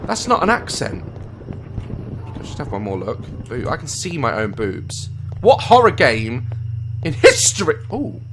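A young English man giving jokey, swearing commentary while playing a horror game, with loud startled yelps. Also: medium pitch, wildly swooping pitch, unhurried, a little hiss or hum. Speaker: gaming YouTuber. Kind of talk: let's play commentary.

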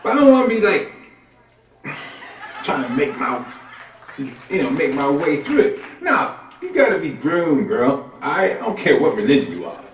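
A man's voice: on the high side, measured pace. A man doing a stand-up comedy set on a club stage, talking in a loose, colloquial, conversational way. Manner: loose, conversational, colloquial delivery with lively swings. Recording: roomy club sound from a distant mic.

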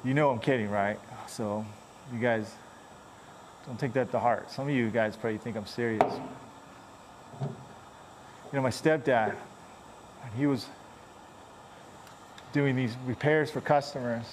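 A man's voice: mid-range voice, unhurried, pauses often, a little hiss or hum. A man chatting and joking as he repairs a car dent, grumbling under his breath now and then. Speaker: paintless dent repair technician. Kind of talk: casual running commentary while working.

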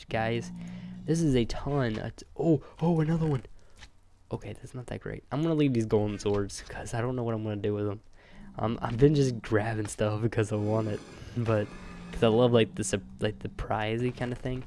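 A young man narrates his gameplay in a chatty, jokey way, often turning to speak to his viewers. His voice sits at a middling pitch and grows excited at each find. The desktop-mic recording carries a faint hiss of background noise. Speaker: gamer. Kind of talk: let's play commentary.

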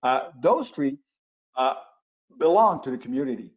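A man's voice: medium pitch, sing-song, moderate pace. Older man explaining, lo-fi call audio. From Quebec, Canada. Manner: explanatory, with frequent restarts and uh fillers. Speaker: guest expert on retail. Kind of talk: webinar interview answers. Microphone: video call. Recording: lo-fi webinar audio.

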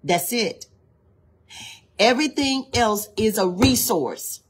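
A woman with a medium-pitched, slightly rough voice leads an informal devotional livestream from indoors near a hallway, speaking slowly yet animatedly. She reads from a text between spontaneous exhortations, preaching fervently, repeating phrases for emphasis and urging listeners to say lines back to her.

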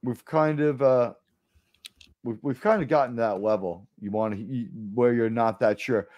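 A chatty man with a New York accent hosts a live stream in a middle-pitched voice. He rambles, breaks off and restarts his sentences, and now and then jumps into loud animated bursts. The sound is close and dry, with no room echo. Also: normal speed, highs cut off. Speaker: livestream host. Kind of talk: casual live-stream chat.

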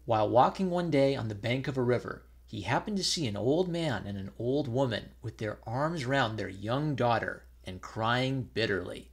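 A man reading an old fairy tale aloud in a measured storytelling manner. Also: mid-range voice, expressive, gravelly, breathy edge.

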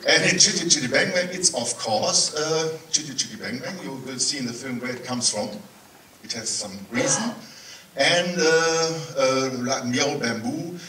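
A man's voice: medium pitch, pushed and bright, a little hiss or hum. A man with a German accent giving a chatty, digressive live introduction to a film screening for a festival audience. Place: large cinema auditorium. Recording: roomy hall sound from far off.

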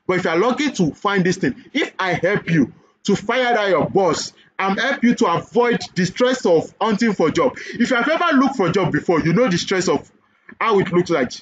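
A man with a Nigerian accent giving a sales webinar pitch for an online business course, persuasive and full of repeated questions and "okay?" checks. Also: lively intonation, moderate pace, fairly bright tone, slightly rough, muffled recording.

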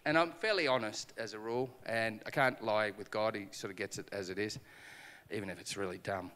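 A man's voice: lowish voice, fairly quick, long reverb tail. A male pastor giving a conference sermon, telling stories with acted-out dialogue and self-deprecating humor. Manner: animated storytelling with acted dialogue. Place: conference hall.

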